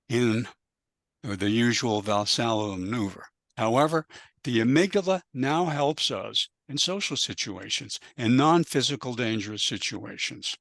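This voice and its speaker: A man with a gravelly, creaky voice, recorded dry and close with no room sound. He talks as a panel speaker, laying out an explanation one step at a time in a measured, patient way. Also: medium pitch, a bit bright, dry recording.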